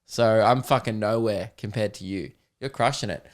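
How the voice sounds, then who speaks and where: A man's voice: on the low side, moderate pace. Joking Australian man hosting a podcast. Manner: joking, sarcastic, reads listener messages aloud. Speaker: podcast host. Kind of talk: casual comedy podcast chat.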